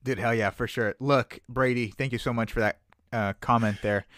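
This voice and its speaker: An animated movie podcast co-host chats casually, hammering his points with emphasis and repeated phrases. He speaks at a moderate pace in a mid-range voice, with clean studio sound and no room tone.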